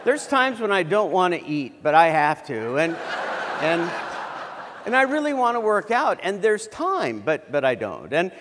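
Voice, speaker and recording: A man's voice: high voice, wildly swooping pitch, a little slow, background noise. A middle-aged man giving a humorous keynote on stage, telling a story in a conversational way with many restarts. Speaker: keynote speaker. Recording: reverberant hall.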